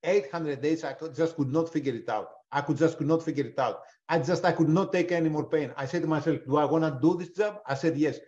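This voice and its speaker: A fairly high-voiced man leads a live trading webinar over a video call. He talks emphatically, throwing out questions and answering them himself, and swears now and then. The audio is a little dull and lo-fi. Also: quick pace, hardly any pauses, darkish tone. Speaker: prop trader presenting a webinar.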